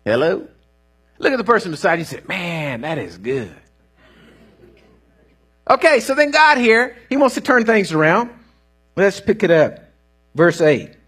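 A middle-aged man, preaching a sermon in an animated, folksy storytelling way with rising bursts and a husky voice. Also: high voice, moderate pace. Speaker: pastor.

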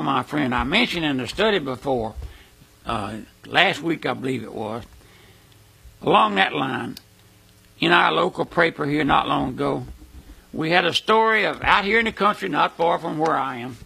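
A man preaching a sermon, emphatic, with his voice rising to loud peaks and dropping to low murmurs. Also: gravelly, slightly rough.

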